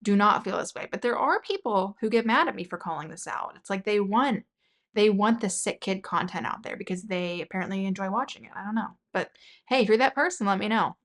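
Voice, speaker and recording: A woman's voice: medium pitch, animated, fairly quick, a bit bright. A woman hosting a commentary channel, indignantly critiquing a video and reading out viewer comments.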